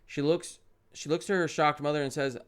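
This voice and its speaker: A young man reads a parenting game's story aloud on stream, then breaks off to react. His voice is slightly high and smooth, close to the mic, swinging from loud indignant bursts to quiet mumbled asides. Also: a little fast. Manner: animated, swings from loud outbursts to muttered asides.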